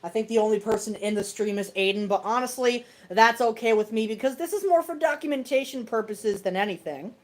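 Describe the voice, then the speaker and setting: A woman's voice: a little high, brisk, few pauses, low-quality recording. Woman, livestream host, casual, self-deprecating, chuckling, indoors at home. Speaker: host of a toy robot fight livestream.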